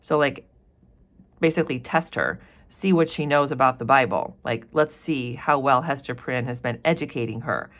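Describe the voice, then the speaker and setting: A woman with a notably low, deep voice walks through a novel passage by passage. She paraphrases in casual, everyday terms and often says "like" and "so". It sounds like an informal literature lesson. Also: moderate pace. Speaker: literature teacher. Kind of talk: annotated read-aloud of a novel.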